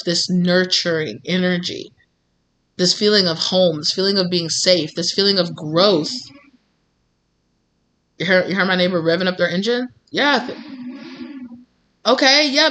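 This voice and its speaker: A tarot reader speaks directly to her viewers in a casual, upbeat reading, calling the listener "babes" and offering reassurance between many little fillers. Her voice is on the low side with a fairly bright tone.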